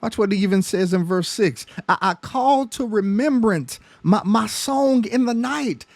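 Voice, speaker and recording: A man's voice: sits high, animated, unhurried, creaky, no room sound. A man pastor teaching a Bible study sermon, emphatic, often repeating words as his passion builds. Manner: emphatic, stammering repetitions, rising passion.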